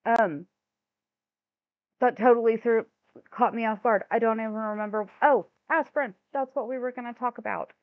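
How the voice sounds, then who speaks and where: A woman's voice: fairly high pitch, steady tone, moderate pace, no room sound. Brief: incredulous female commentator, tinny narrow audio, dry and close. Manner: exasperated, incredulous, stammers when flustered. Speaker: commentary channel host. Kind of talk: reaction commentary. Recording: thin phone-like dry sound.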